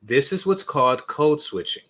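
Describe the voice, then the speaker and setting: Guy ranting in a reaction vid, bouncy pitch, bright voice, mocking and blunt. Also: expressive, moderate pace. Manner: blunt and mocking, bursting into loud shocked yelps. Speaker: reaction video host. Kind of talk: scornful reaction commentary.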